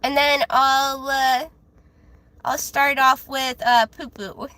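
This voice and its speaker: High bright babyish voice, woman doing a tarot live stream, lots of um and uh. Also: flat delivery, slow, rough recording. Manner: high, childlike voice with frequent fillers and restarts. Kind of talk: casual live-stream chat.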